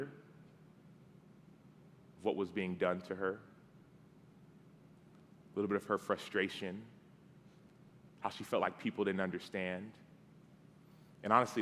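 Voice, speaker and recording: Man, 30s, preacher. Casual storytelling sermon, slightly low voice, acts out dialogue, often drops to soft tones. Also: a little hiss or hum. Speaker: guest preacher. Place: church sanctuary. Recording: long hall reverb.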